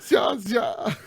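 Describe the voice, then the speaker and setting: Lively, joking male podcast host. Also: very high-pitched. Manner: joking, teasing, runs the segments. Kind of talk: casual podcast banter.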